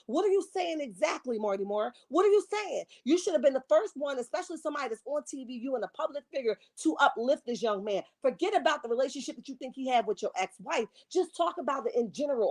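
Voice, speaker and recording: A woman's voice: high-pitched, a little mellow. A woman in her forties from Camden, New Jersey, hosting her own commentary video, scolding hard with one rhetorical question after another. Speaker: online commentary host. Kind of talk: heated rant commentary.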